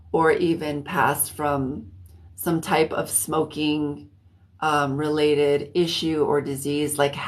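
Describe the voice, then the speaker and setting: A woman giving a psychic reading on a live stream, thinking aloud with many restarts and often clearing her throat. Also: deep voice. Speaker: psychic reader. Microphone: phone or computer mic on a live stream.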